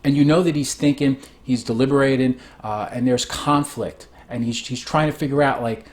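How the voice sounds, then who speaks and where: A man's voice: mid-range voice, normal speed, few pauses. A man giving a casual spoken recap of a show, rambling and often restarting his sentences.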